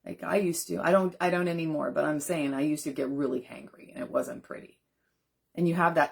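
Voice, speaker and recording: Low-pitched, creaky, and husky, this woman speaks briskly with fairly even intonation. She's a nutrition coach in a casual live-stream chat, addressing viewers earnestly and replying to what they comment.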